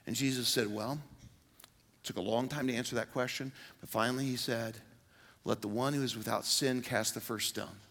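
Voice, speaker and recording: A man's voice: mid-range voice, fairly even intonation, moderate pace, a bit bright. An older man preaching a sermon as pastor, earnest and pleading, with sudden emphatic outbursts.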